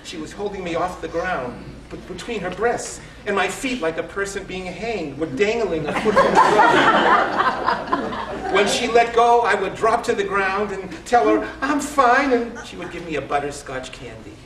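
A man's voice: high-pitched, big pitch swings, moderate pace, very noisy. A man in his sixties reading a comic family story aloud at a live event, with a wry delivery and punchlines. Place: live event in a store showroom. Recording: echoey room, distant mic.

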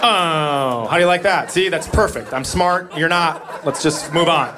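A man's voice: on the high side, measured pace, noisy background. A middle-aged man doing a brash, profane, mock-exasperated stand-up comedy set on a comedy club stage. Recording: live club recording with crowd laughter. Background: audience laughter.

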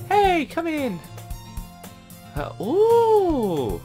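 A man reading the lines of a bubbly, eager teenage girl from a visual novel in a squeaky falsetto. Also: huge pitch swings, extremely slow, over music, full character voice. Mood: excited.

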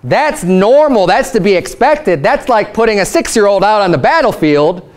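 A man preaching a sermon as pastor, reading scripture aloud and explaining it plainly with quick acted asides. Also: sits high, big pitch swings.

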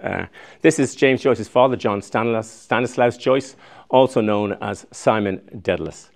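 A gravelly, fairly low-voiced man in his sixties gives a public lecture. He talks in a chatty, digressive way, circling back and restarting phrases as he goes. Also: a little slow. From Ireland. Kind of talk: recorded public lecture with slides.

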